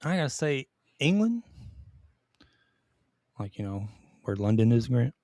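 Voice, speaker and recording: A man's voice: medium pitch, big pitch swings, unhurried, mellow, no echo, clean studio sound. A man co-hosting a podcast, ranting in casual chat with swearing and restarts. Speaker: podcast co-host.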